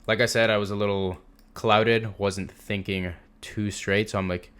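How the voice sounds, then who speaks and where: Deep-voiced casual male trading coach. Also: little pitch movement, measured pace, fairly bright tone, smooth. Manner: casual, emphatic, repeats words for stress. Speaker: trading instructor. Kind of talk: screen-share trading lesson.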